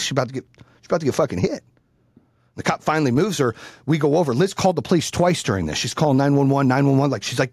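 A man's voice: medium pitch, fast, breathy edge, no room sound, clean studio sound. A man telling a heated personal story in casual chat, blunt and profane.

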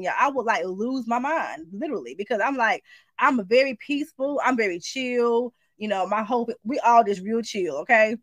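An adult woman, sharing a dream in a casual spoken message, animated and informal, acting out the voices as she tells it. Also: a little high, normal speed, no room sound. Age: adult, married mother. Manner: animated storytelling, shifts into acted quotes, informal speech. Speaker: Christian speaker sharing a prophetic dream.

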